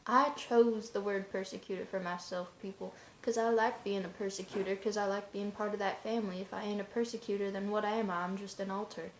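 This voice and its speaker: Woman, gravelly voice, monotone delivery, rambling offhand vlog chat, echoey room. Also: medium pitch, fast, hardly any pauses, a little hiss or hum. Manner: rambling, offhand, talks in loose run-on asides. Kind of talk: casual vlog monologue.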